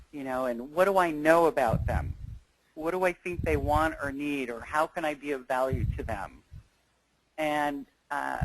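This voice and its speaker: A woman's voice: sits low, a little hiss or hum, rough recording. Earnest woman leading a webinar. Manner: conversational and earnest, thinking aloud. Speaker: negotiation trainer presenting a webinar. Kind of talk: webinar teaching talk with personal stories.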